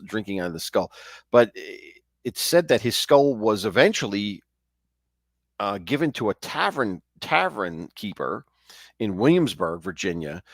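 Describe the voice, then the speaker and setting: Low-voiced male host, lively up-and-down delivery, chatty folklore storyteller, dry close sound. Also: no echo. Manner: conversational, chatty, with frequent restarts and asides. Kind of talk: casual ghost-story telling.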